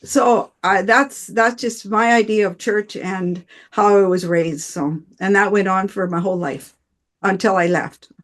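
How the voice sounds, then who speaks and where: Woman group member on a video call, rambling, mid-pitched. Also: fairly even intonation, measured pace. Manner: warm, rambling storytelling. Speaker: church study group member.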